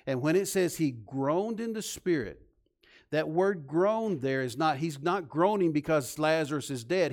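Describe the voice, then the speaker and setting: A man preaching a sermon, swinging from loud, emphatic points to soft, low passages. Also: lively intonation, a little slow. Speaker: pastor.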